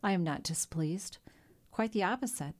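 A woman voicing a kindly, ruined older male shipowner who speaks in a gentle, melancholy way in a storybook reading. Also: on the low side, lively intonation, normal speed. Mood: sad.

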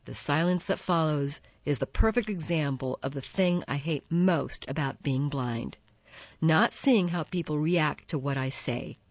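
Woman reading a novel in first person, lowish voice, dry dull audio. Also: a little slow, no room sound. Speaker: audiobook narrator.

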